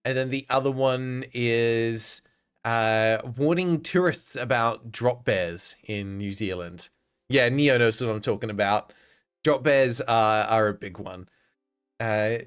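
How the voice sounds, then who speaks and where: A man's voice: mid-range voice, expressive, slow, smooth. Chatty Australian man streaming. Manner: chatty, laughs often, answers chat. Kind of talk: casual live-stream chat.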